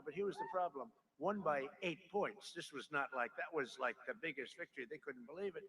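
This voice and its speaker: A man's voice: on the high side, fairly quick, vocal fry, hardly any pauses, fairly bright tone. A man giving a rambling, boastful campaign rally speech at a podium microphone, full of repeated asides. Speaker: politician. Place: large rally crowd. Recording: noisy live rally recording.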